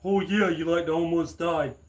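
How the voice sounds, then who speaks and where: A man's voice: a little high, steady tone, unhurried, pitched above the performer's own voice, natural voice, poor audio. A man doing a jeering frat-boy neighbor. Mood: taunting. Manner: taunting, jeering.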